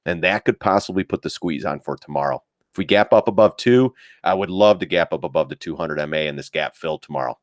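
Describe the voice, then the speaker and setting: A man hosting a live trading stream, chatting casually about charts, laughing often and mimicking panicked traders. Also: deep voice. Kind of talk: casual live market commentary.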